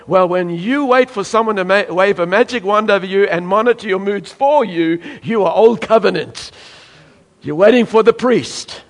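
A man's voice: high voice, moderate pace. A man from South Africa preaching a sermon emphatically, now and then acting out voices from the congregation. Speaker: pastor.

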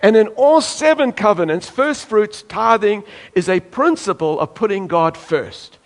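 A man's voice: sits high, expressive, unhurried. A man from South Africa preaching a sermon emphatically, now and then acting out voices from the congregation. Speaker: pastor.

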